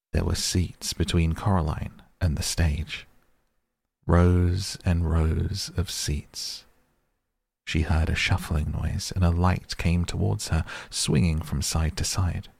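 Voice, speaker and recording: A man reads a storybook aloud in a very low, gravelly voice. His delivery is slow and measured, with a husky edge. The sound is close and dry. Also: a little mellow, dry recording. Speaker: narrator.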